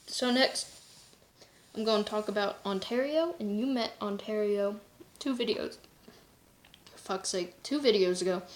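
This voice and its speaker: A woman chatting casually to camera, rambling and swearing freely, often laughing. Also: medium pitch. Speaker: vlogger. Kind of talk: casual chat. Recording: echoey room.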